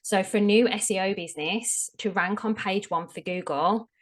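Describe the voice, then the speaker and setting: A woman's voice: medium pitch, normal speed. A woman explaining her field as a podcast guest in a frank, conversational way, stressing her key tips. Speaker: SEO strategist, podcast guest. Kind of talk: casual interview chat.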